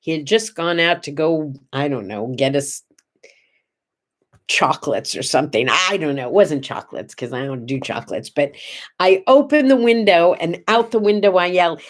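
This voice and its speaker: A woman hosting a casual morning show, telling anecdotes in a chatty, animated way with playful asides. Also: sits low, normal speed. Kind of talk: casual chat and storytelling.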